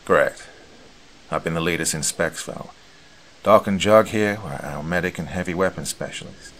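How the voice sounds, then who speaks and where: A man's voice: sits low, moderate pace, fairly bright tone, slight background noise. A man voicing a weary, grieving special forces squad leader who speaks in a subdued, hesitant way.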